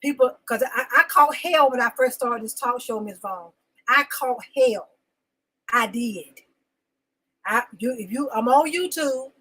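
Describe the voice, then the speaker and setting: Measured in pace, her husky voice is on the high side and a bit bright, captured in a low-quality recording. She hosts a live talk show segment where she vents emotionally, greets viewers by name, and keeps repeating phrases insistently, a live-stream monologue of grievances.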